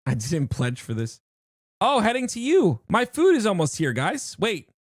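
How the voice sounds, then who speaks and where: A streamer talking to chat in a lively, swooping voice, recorded dry and close. Excitable and chatty, this streamer jumps between thoughts and restarts sentences mid-stream. It sounds like a live game stream, addressed straight to the viewers. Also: mid-range voice, moderate pace, no echo.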